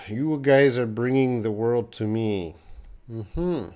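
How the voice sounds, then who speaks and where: Speaking slowly in a medium-pitched, slightly mellow voice, a young English teacher on a live stream reads out viewers' questions and answers them with encouragement, addressing people directly and repeating their names.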